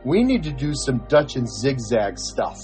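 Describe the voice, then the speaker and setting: A man's voice: mid-range voice, sing-song, a little slow, darkish tone, soft background music. An older man, a podcast co-host, telling a story in casual chat, chuckling and acting out the quoted voices.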